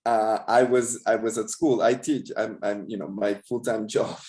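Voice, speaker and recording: Mellow-voiced man in an echoey room. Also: lowish voice, steady tone, normal speed. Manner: thoughtful, hesitant with restarts. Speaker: filmmaker guest. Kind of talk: casual interview storytelling.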